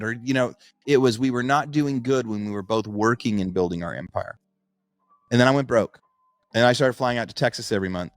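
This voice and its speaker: A man's voice: lowish voice, a little fast, no room sound, faint music behind. A middle-aged man co-hosting a podcast, chatting casually and telling anecdotes with acted-out quotes. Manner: storytelling, acts out quoted voices. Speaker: podcast co-host. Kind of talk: casual chat.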